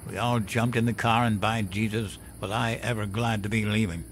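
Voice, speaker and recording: A man voicing a gruff old male storyteller who drinks, talking in a folksy, profane, chuckling way. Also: lowish voice, steady tone, normal speed, slight background noise, voice pushed up, lightly acted. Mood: gruff storytelling.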